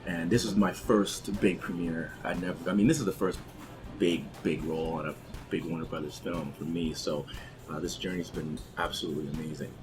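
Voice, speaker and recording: A man in his thirties, an actor guest in a relaxed interview at a bar, with plenty of fillers and restarts. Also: sits low, fairly quick. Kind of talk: casual interview chat. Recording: music playing in the background.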